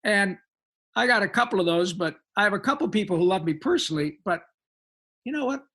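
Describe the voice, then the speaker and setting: A man in his sixties, a voice actor chatting as a guest in a casual podcast, playful and animated. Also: sits high, fairly quick.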